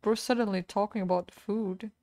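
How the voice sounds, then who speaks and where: A woman's voice: medium pitch, steady tone, moderate pace, mellow. A woman streaming a game, chatting casually and giggling as she reads the game text aloud. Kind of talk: casual gaming stream chat.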